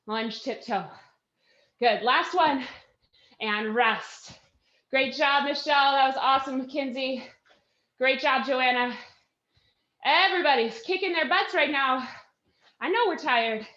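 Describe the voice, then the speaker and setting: A woman's voice: sits high, unhurried, long pauses, sharp tone, roomy sound, lo-fi sound. A woman leading a live workout class, counting reps and cheering her team on while out of breath. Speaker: fitness instructor.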